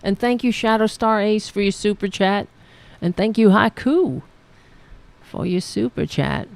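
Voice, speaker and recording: A woman hosting a live-streamed show, chatting in a rambling, halting way, laughing and thanking viewers. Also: medium pitch, gravelly, a little mellow. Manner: rambling, halting, laughs often, talks to her cats. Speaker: podcast host reading viewer comments. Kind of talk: casual live-stream chat.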